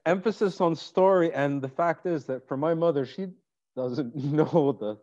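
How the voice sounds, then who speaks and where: A man's voice: mid-range voice, measured pace, dark tone, no echo, muffled recording. A man hosting a casual interview, rambling and joking with enthusiasm. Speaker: podcast host.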